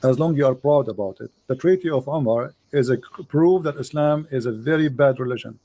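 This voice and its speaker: Insistent man with broken English, mellow voice. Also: mid-range voice, a little fast, no room sound. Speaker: debate host. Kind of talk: live online debate.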